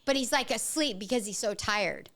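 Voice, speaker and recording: A mother and podcast host telling a story in a rambling, animated way with lots of "like". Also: fairly high pitch, normal speed. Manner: animated, rambling, heavy use of "like". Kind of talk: casual storytelling chat.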